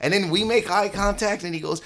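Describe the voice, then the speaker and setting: A man, a comedian guest, chatting casually and telling animated stories that act out other people's voices. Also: high voice, brisk. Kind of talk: casual storytelling chat.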